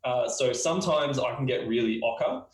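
A man from Queensland with an Australian accent, talking fast with many fillers and restarts as he teaches interviewing technique. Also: medium pitch, roomy sound, distant mic, poor audio. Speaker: user research instructor. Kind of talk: spoken lesson on interviewing.

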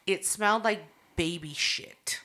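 A woman's voice: medium pitch, unhurried. A woman co-hosting a podcast, telling a story in casual chat, swearing a lot, laughing often and acting out what people said. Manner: profane, animated, laughs often, acts out quotes. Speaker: podcast co-host.

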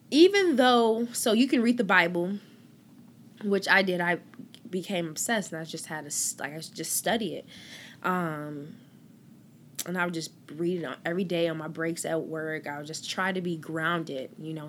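A woman hosting a podcast, telling her faith story in a casual, animated way, acting out quoted conversations and moving between near-whispers and loud exclamations. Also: fairly low pitch, normal speed, pauses often, slight background noise. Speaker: podcast host.

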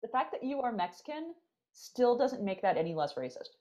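Female co-host, sarcastic, teasing, swears, lively intonation. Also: a little high, a little fast. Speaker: podcast co-host. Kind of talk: casual podcast banter.

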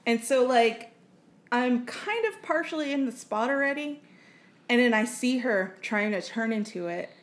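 A woman's voice: a little high, lively intonation, unhurried. A woman co-hosting a casual podcast, telling a blunt, profane story with laughs. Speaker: podcast co-host. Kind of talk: casual chat.

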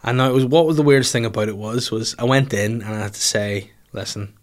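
A man's voice: medium pitch, quick pace. A man telling a long, rambling story in casual chat, swearing and laughing at himself as he goes.

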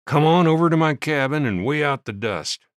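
A man's voice: a little high, lively intonation, normal speed, no echo, studio quality, pitched above the performer's own voice, close to an everyday voice. A man playing a curt, shrewd flour seller. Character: shrewd frontier miner selling flour.

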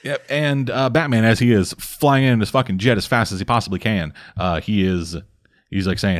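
Low-voiced man, cussing podcast co-host talking through a comic late at night, casual. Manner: profane, rambling recap with quick mock voices for characters. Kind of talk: casual chat. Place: home at night, speaking quietly for housemates.

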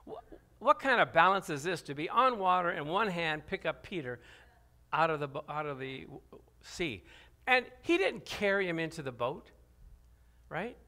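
A man preaching a sermon, animated and lively. His voice sits high and sounds bright and forceful. He swings from low, quiet scripture reading to loud cries, and keeps asking questions of the congregation. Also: normal speed. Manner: animated, laughs often, calls out to the congregation. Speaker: pastor.

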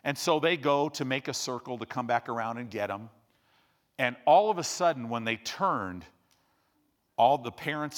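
Animated preacher telling stories. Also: male voice, normal speed. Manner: animated storyteller, swings between loud bursts and low hushed asides. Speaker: pastor. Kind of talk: sermon storytelling.

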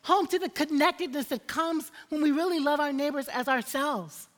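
High-voiced woman preaching in a reverberant hall. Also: normal speed. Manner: emphatic, repeats phrases for effect, calls for amens. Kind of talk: sermon.

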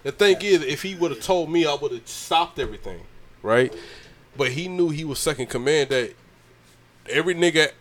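A man hosting a casual chat, telling a story in an animated, profane way and laughing often. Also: on the high side, normal speed, slight background noise.

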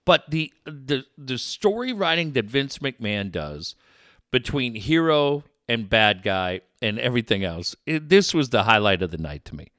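A middle-aged man hosting a sports talk radio show, telling a rambling, animated story with many restarts. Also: medium pitch, normal speed, no echo, studio quality. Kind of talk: casual talk radio chat.

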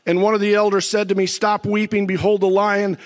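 High-voiced preacher in an echoing hall. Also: male voice, level tone, faint music behind. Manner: preaching with dramatic pauses, rising to near-shouts and dropping low. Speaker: pastor. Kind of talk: sermon.

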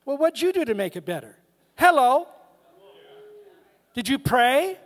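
A man with a very high-pitched voice delivers a lively guest sermon, joking with the congregation and hammering his points home. His voice rings out with a long reverb from the church hall around him. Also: normal speed, long pauses. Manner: humorous, emphatic, calls out to the congregation. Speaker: guest preacher. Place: church sanctuary.

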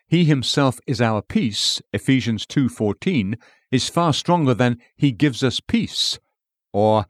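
Lively-voiced man reading devotional text. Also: medium pitch, dry recording, clean studio sound. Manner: measured, slows and lifts for quoted scripture. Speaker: devotional reader.

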